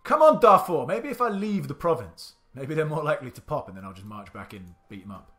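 A man's voice: a little high, big pitch swings, fast, a bit bright. A man giving indecisive let's-play commentary, muttering to himself and swearing now and then. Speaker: gaming channel host.

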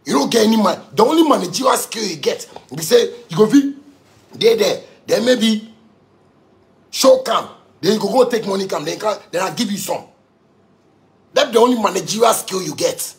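A man's voice: high voice, expressive, moderate pace. A man with a Ghanaian accent delivering an angry, profane rant to his audience, repeating himself for emphasis. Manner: heated, profane, repetitive.

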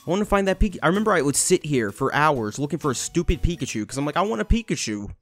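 A young man commentating his video game playthrough, rambling and cursing, shouting at the game now and then. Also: a little high, expressive, fast, soft background music. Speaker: gaming channel host. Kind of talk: let's play commentary.

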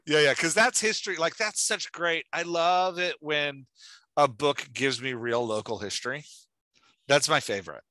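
Host: man, bright and forceful tone, dry close sound, talking enthusiastically and casually with plenty of "like". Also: fairly high pitch, moderate pace, no room sound. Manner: enthusiastic, chatty, lots of "like". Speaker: podcast host giving writing feedback. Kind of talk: casual chat.

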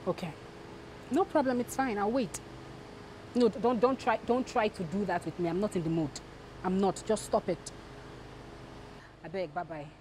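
An actress with a Nigerian accent playing a hot-tempered wife and businesswoman who demands payment from a friend, her voice jumping from sharp outbursts to low murmurs. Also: noisy background, lightly acted. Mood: angry demanding. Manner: sharp, demanding, quick to rise then drop to a low murmur.

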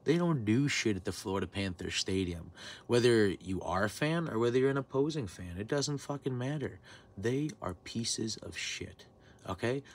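A man in his twenties telling a heated, profane story in a vlog rant. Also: lowish voice. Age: 20s. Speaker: vlogger. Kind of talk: ranting storytime.

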